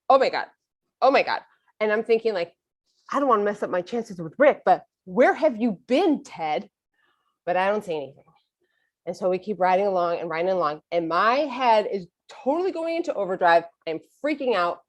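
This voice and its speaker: A middle-aged woman tells a funny personal story with lots of movement in her pitch. She is self-mocking and acts out her own thoughts as she goes. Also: low-quality recording.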